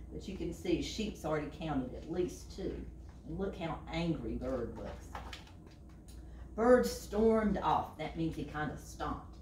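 Woman librarian at storytime; animated, questioning the kids; roomy sound, mic at a distance. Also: deep voice, slight background noise. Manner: slow, animated, asks the children questions. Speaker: children's librarian. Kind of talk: reading a picture book to children. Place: library room.

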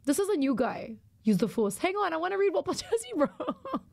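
High excitable woman streamer. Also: a little fast, vocal fry, no echo. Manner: excitable, chatty, reads viewer messages aloud. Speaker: live-streaming gamer. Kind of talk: live gameplay stream chat.

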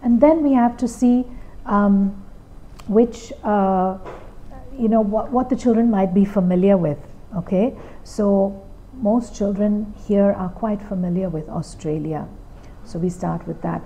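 A woman's voice: medium pitch, a little slow, dark tone, rough recording. A woman training teachers, explaining steps patiently and checking in with her listeners as she goes. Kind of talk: instructional talk to trainee teachers.

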